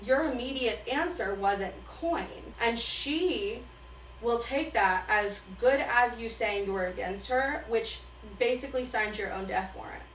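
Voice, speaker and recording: A woman giving casual, profane commentary on books, retelling scenes with quick character quips. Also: on the high side, a bit bright, roomy sound, distant mic, slight background noise, poor audio. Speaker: book commentator.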